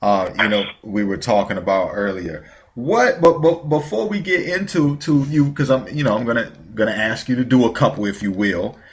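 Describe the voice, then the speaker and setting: A man hosting a casual interview, chatty and quick to laugh. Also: mid-range voice. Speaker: host.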